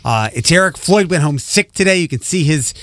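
A man's voice: on the high side, animated, brisk, fairly bright tone. A man hosting a morning radio show, trading playful, teasing banter with callers and his co-host in a studio. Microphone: studio microphone.

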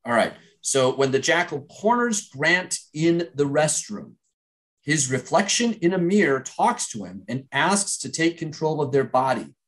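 Measured man recapping a show. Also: on the high side, sing-song. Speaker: podcast co-host. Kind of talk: casual chat reviewing a TV series.

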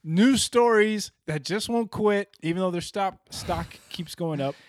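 High-pitched guy joking and swearing on a podcast, dry close sound. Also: no echo. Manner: joking, profane, quick quips. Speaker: podcast co-host. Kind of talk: comedic podcast banter.

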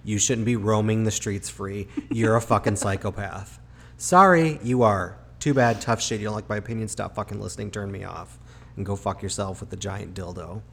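A man's voice: lowish voice, flat delivery, brisk, creaky, breathy edge. A man co-hosting a casual podcast, ranting angrily and swearing often, recorded close on a home mic that runs hot. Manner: profane, ranting, loud. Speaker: podcast co-host. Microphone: close home podcast mic, hot levels.

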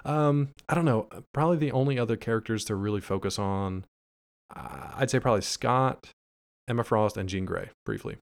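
Male podcast co-host, lowish voice, relaxed and agreeable in casual review chat. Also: normal speed. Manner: easygoing, agreeable, chuckles along.

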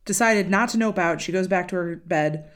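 A woman's voice: on the low side, normal speed. A woman co-hosting a podcast in casual chat, blunt and emphatic, swearing freely. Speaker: podcast co-host.

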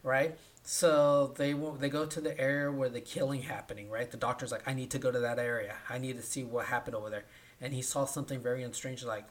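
A man co-hosting a casual podcast, retelling a film plot in an animated way, acting out the characters' lines and often asking "right?". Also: medium pitch, a little fast. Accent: Californian. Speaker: podcast co-host. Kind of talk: casual movie recap chat.

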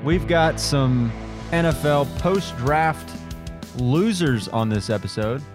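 A man's voice: on the high side, lively intonation, takes it slowly, music in the background. A man hosting a podcast in casual chat, laughing easily and rambling a bit. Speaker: podcast host.

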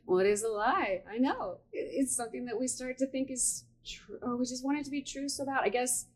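A woman's voice: high-pitched, a little fast. A woman in her forties co-hosting a podcast, chatting casually in a supportive, reflective way. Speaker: podcast co-host. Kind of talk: casual chat.

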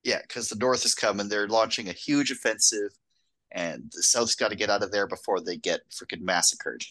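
A man's voice: lowish voice, moderate pace, pushed and bright, low-quality recording. A man co-hosting a film podcast, laughing easily, drifting into tangents and restarting his sentences. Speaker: podcast co-host. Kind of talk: casual film discussion.

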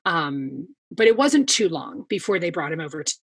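Woman guest on a podcast, husky breathy voice, lowish, rambles w lots of "like". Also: very animated, normal speed. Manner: chatty storytelling with many fillers. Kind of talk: casual chat.

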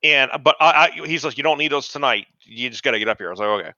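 A man casually telling a profane, animated story about an old job, acting out the dialogue. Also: mid-range voice, quick pace, no room sound, dull audio. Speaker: podcast co-host.

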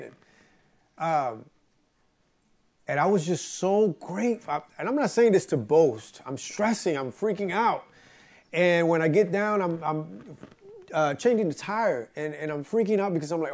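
Brief: man, preacher, conversational sermon, earnest storyteller, slightly higher voice. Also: expressive, a little slow, pauses often, a little mellow. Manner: earnest, storytelling, repeats phrases for emphasis.

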